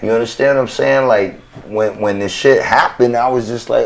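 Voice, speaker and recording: A man in a casual chat telling animated, profane stories in heavy slang. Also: mid-range voice, moderate pace, vocal fry, few pauses. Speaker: guest rapper.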